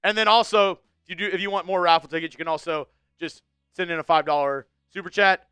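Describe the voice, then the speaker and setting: Bright, high-voiced male sports streamer. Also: fast talker, clean tone, no room sound, faint music behind. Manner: casual, animated fan-style ranting. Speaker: sports show host. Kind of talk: live-stream sports talk.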